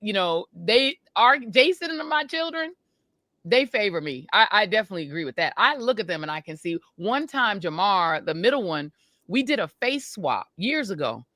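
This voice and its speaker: A middle-aged woman co-hosting a podcast, chatting casually and telling animated stories about her family. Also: moderate pace, dry recording, clean studio sound. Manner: animated storyteller, jumps up high for quoted voices. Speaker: podcast co-host. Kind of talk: casual chat.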